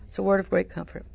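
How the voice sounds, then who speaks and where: A woman's voice: mid-range voice, vocal fry, darkish tone, slightly rough. A woman preaching a sermon, telling a story and quoting scripture, asking the listeners questions as she goes.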